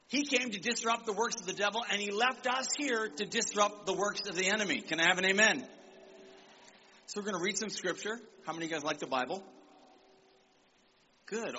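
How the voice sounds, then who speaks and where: A man preaching an animated sermon to young people at a church service, calling out for amens and acting out quotes. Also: high voice, muffled recording, a little hiss or hum. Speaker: visiting preacher.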